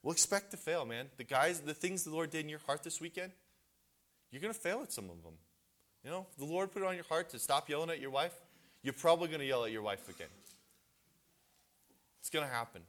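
A man's voice: fairly high pitch, expressive, a little fast, pauses often, fairly bright tone. A man giving a conversational sermon at a men's retreat, earnest and casual, often restarting his sentences.

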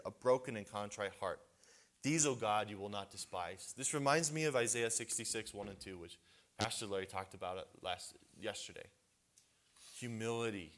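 A man preaching to a gathering of men with earnest, everyday warmth of conversation. He often stumbles and restarts as he goes. His pitch sits in the ordinary middle range. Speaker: men's retreat speaker. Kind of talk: sermon.

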